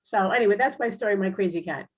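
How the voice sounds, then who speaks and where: A woman, a guest and animal rescuer, telling a comic story on a video call in an animated, lively way, with big jumps in pitch. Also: fast talker, slightly rough, highs cut off. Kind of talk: casual storytelling on a talk show.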